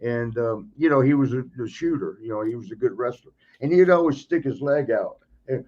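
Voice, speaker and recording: In dull audio, a retired wrestler on a podcast rattles off wrestling stories at a fairly quick clip with hardly any pauses, his pitch medium. The chat is casual, and he laughs often while acting out the other people in each story.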